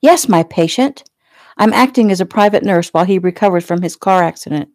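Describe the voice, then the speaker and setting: A woman voicing a sharp, indignant nurse. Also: medium pitch, brisk, no echo, clean studio sound, close to an everyday voice. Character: spirited, no-nonsense woman, a private nurse.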